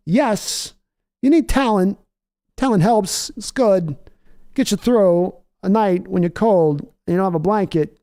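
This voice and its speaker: A man putting on an excitable sports pundit voice, shouting with stretched, emphatic words in mock panel banter. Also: high-pitched, pitched above the performer's own voice.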